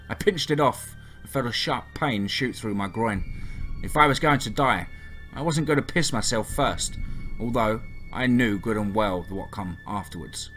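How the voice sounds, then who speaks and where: A man's voice: mid-range voice, bright, forceful tone. A man narrating a first-person horror story in a tense, dramatic reading.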